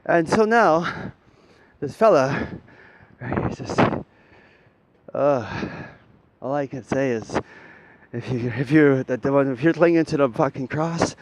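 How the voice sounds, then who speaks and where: Rambling, profane man with mid pitch. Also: lively intonation, slow pace, no room sound. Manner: rambling, profane, tags lines with "right?", laughs often. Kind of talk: rambling monologue.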